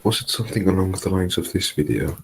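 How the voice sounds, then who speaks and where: A man chatting casually with a streamer, answering briefly in a low-key way. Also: fast talker, creaky, crowd noise. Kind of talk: casual chat.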